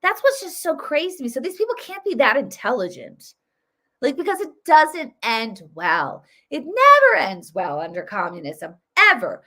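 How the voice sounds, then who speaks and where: A woman's voice: sits high, huge pitch swings, moderate pace, bright, forceful tone. A woman in her thirties hosting her own political commentary video, talking emphatically and casually with many fillers and restarts. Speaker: political vlog host.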